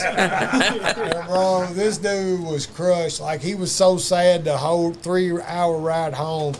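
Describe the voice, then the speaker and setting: A man's voice: high-pitched, steady tone, a little slow, a crowd in the background. A man telling loose, profane wrestling stories in a casual chat, full of fillers and asides. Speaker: wrestling podcast guest.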